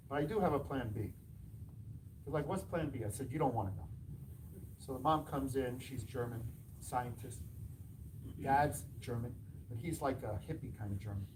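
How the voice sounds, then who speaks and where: A man who runs a martial arts school tells animated anecdotes to an audience, acting out the dialogue and laughing along. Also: mid-range voice, distant mic, background noise. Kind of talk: storytelling talk to an audience.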